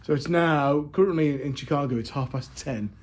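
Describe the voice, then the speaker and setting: A man's voice: fairly high pitch, moderate pace. A man in a casual travel vlog, talking in a chatty, jokey, self-deprecating way, sounding tired. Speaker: vlogger. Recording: loud street and crowd noise.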